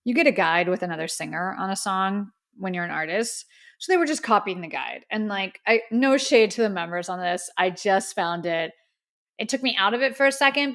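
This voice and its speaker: A woman hosting a podcast, giving a casual, candid music review with plenty of fillers and opinions. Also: medium pitch. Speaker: podcast host.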